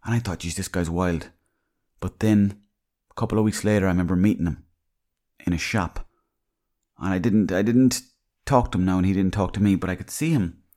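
A man's voice: deep voice, fairly quick, dark tone. An Irish man hosting a podcast, telling rambling, salty anecdotes in a casual monologue. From Ireland. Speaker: podcast host.

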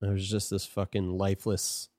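A man's voice: deep voice, monotone, moderate pace, darkish tone, no echo, clean studio sound. A man telling a personal story in casual conversation, frank and profane, often restarting his sentences.

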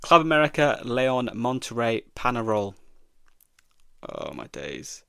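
A man's voice: mid-range voice, sing-song, measured pace, creaky, bright, forceful tone, smooth, no echo, clean studio sound. A young man, hosting a solo football podcast, reading quiz questions aloud and talking his way through his guesses. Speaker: podcast host.

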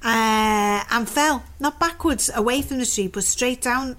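A woman, co-hosting a casual podcast, reading listener emails aloud and often breaking into loud laughs. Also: fairly high pitch, a little slow, slight background noise. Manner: laughs often, exclaims loudly. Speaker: podcast co-host.

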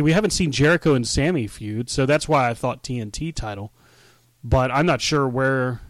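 A man's voice: medium pitch, no room sound. A man co-hosting a casual wrestling chat, joking and enthusiastic as he tells stories. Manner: enthusiastic, joking, animated storyteller. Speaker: podcast co-host.

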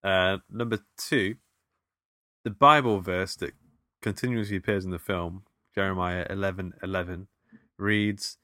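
A man with a lowish voice and bright, forceful tone is chatting on a film podcast. He runs a trivia round with playful teasing. The recording is dry and close. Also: fairly even intonation, a little slow, no room sound. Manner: quizzing with playful banter. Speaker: podcast co-host. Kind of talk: casual film podcast chat.

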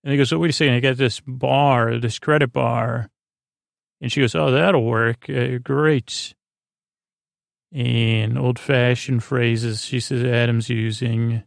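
A man hosting a sleep podcast, retelling an episode in a halting, deadpan way, full of fillers and "he goes, she goes.". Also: mid-range voice, vocal fry, dry recording, studio quality. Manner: flat, deadpan delivery. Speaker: podcast host. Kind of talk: rambling episode recap for falling asleep.

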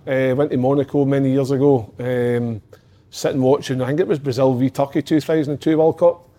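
A man's voice: mid-range voice, fairly even intonation, brisk, dark tone. A Scottish man from Scotland telling casual anecdotes on a chat show, swearing freely. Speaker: former footballer, podcast regular.

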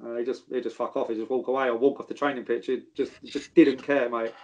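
A man's voice: mid-range voice, level tone, fast, darkish tone, lo-fi sound. A man, a former footballer telling stories in casual chat, swearing freely and calling people mate. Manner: laddish, swears freely, says mate and geezer.

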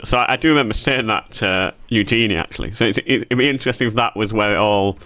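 A man's voice: fairly low pitch, fast talker, pushed and bright. A man co-hosting a comedy podcast, brash and boastful in casual banter, swearing freely.

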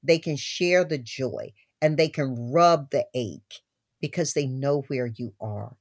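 Expressive older woman telling stories. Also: extremely low pitch, takes it slowly. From Southern United States. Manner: expressive, laughing storyteller, warm asides. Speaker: guest. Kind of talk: storytelling interview talk.

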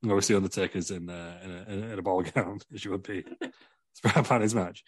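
A man's voice: low-pitched, fairly even intonation, quick pace, husky, no room sound. A man telling a rambling comic wrestling story, laughing through his own jokes. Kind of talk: comedic storytelling.

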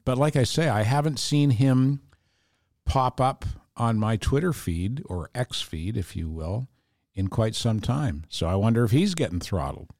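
A radio personality from Canada, a man guesting on a podcast and speaking in a measured, blunt way. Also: expressive, darkish tone, dry recording, studio quality. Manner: measured, blunt, drops to a low mutter. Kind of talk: casual podcast chat.

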